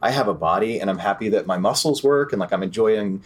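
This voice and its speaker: A man hosting a podcast interview, chatting in a relaxed, filler-heavy way. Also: on the low side, quick pace, slightly rough. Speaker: podcast host. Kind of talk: casual interview chat.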